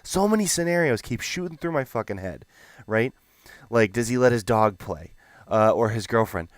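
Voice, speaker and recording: A young man telling a gaming story in a rambling, animated, profane way. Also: mid-range voice, moderate pace, no echo. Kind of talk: casual storytelling.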